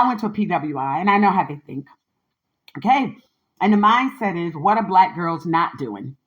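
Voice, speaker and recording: A woman's voice: medium pitch, highs cut off. A woman hosting a podcast in a candid, casual monologue. She talks emphatically and with sass, keeps tagging her points with "okay?" and uses a lot of slang. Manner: slangy and sassy. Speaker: podcast host.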